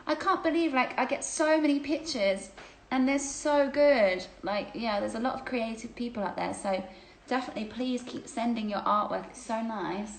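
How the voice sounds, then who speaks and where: A chatty woman with a slightly high voice hosts a casual livestream, gushing over each viewer question and laughing often. Her voice bounces around a roomy space, with faint noise behind it. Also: moderate pace, gravelly. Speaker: host of a livestreamed chat.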